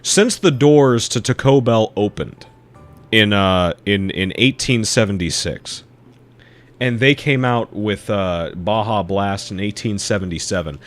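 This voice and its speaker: A man's voice: lowish voice, unhurried. A man co-hosting a podcast in casual comedic chat, speaking in a mock-solemn, profane way. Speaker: podcast co-host.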